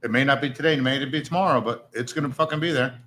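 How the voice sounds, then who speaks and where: A man's voice: medium pitch, racing, a bit bright, low-quality recording. A man telling profane police stories in a casual podcast chat. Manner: profane, laughing storyteller.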